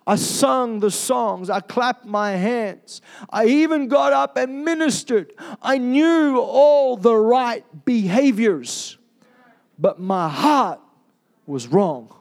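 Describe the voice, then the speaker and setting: Male preacher, high voice, emphatic and confessional, piles up rhetorical questions. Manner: confessional storytelling. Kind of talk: sermon.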